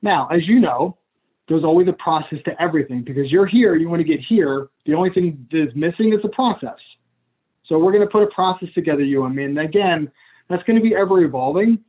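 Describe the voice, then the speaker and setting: Over tinny call audio, a coach trainer with a fairly high-pitched voice moves briskly through a lesson on coaching skills. He chats casually, laughs at his own expense, and performs sample client conversations.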